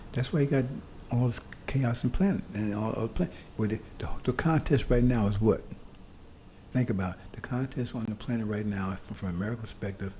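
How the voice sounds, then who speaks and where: Mellow-voiced man preaching in conversational style. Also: mid-range voice, a little hiss or hum. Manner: conversational, repeats "see?" to the congregation; halting restarts, bursts of emphasis. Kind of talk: sermon.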